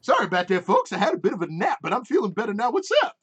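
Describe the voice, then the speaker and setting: A man's voice: high voice, very animated, rapid-fire, a bit bright, slightly rough, lo-fi sound, pitched above the performer's own voice, exaggerated voice. A man voicing a decrepit, ancient male gnome who is cheery and rowdy, talking in a folksy drawl.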